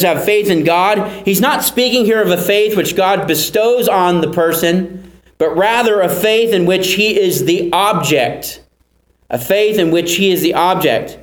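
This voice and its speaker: A man delivers a sermon in a fairly high voice, teaching earnestly and repeating key phrases for emphasis. His voice rings through a roomy, echoing space. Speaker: pastor.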